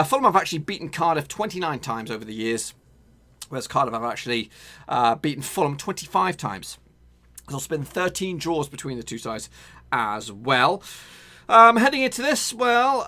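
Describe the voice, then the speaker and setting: A man's voice: fairly high pitch, bright, forceful tone. A man hosting a casual football predictions show, chatty and rambling with many fillers and restarts. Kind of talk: casual football betting preview.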